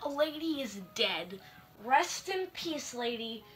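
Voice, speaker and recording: A young woman hosting a comedic review of spooky stories, slangy and deadpan. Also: high voice, slow, soft background music. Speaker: host.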